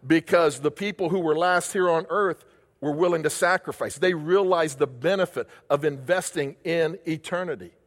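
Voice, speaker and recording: An older male pastor with a notably high voice delivers an emphatic sermon, hammering home phrases by repeating them and asking the room rhetorical questions. His words ring out with the long, lingering reverb of a large church hall. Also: moderate pace.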